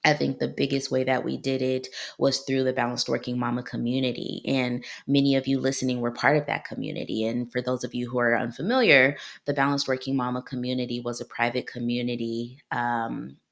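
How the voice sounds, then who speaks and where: Gravelly and very deep, this woman talks a little fast with a flat delivery and barely pauses. She is an Ohio clinical psychologist in her thirties giving a solo monologue on her own podcast, heartfelt and personal, often saying things twice.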